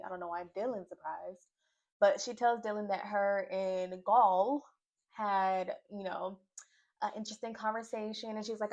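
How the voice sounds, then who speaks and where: A woman's voice: medium pitch, fairly even intonation, normal speed. A young woman from Nashville giving a casual, opinionated recap of a reality show, full of fillers and asides. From Nashville, Tennessee. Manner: chatty, opinionated, lots of fillers. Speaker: reality TV reviewer. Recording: slightly dull lo-fi audio.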